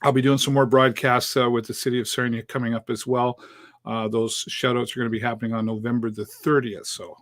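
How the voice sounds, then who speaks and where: A man's voice: mid-range voice, level tone, a little fast, a bit bright, no echo. A middle-aged man from Canada hosting a live show, talking casually and upbeat with many fillers. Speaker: host.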